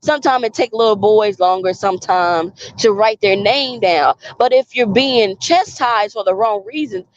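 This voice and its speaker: A woman's voice: medium pitch, normal speed, hardly any pauses, no room sound, highs cut off. A woman vlogger talking in an earnest, preachy way, repeating phrases for emphasis. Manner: preachy, cites scripture. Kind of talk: casual spoken monologue.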